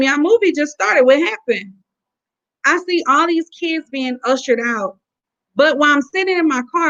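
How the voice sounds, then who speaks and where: Woman guest, high voice, indignant and emphatic storyteller, lo-fi call line. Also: fairly bright tone. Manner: indignant, emphatic retelling with quoted dialogue. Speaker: guest telling her story. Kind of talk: casual storytelling. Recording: dull lo-fi call audio.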